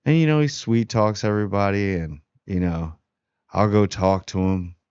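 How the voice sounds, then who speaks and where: A man's voice: on the low side, normal speed, darkish tone, smooth, no room sound, lo-fi sound. A man giving a rambling, slangy, laid-back spoiler review of a TV episode. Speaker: TV show reviewer.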